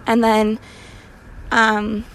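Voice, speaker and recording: A woman's voice: fairly high pitch, monotone, very slow, rough recording. A young woman hosting a casual solo podcast while walking outdoors, talking candidly in a rambling way and laughing often. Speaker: podcast host. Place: walking outdoors on a city street. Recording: street noise with sirens and traffic. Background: sirens, cars, restaurant fan.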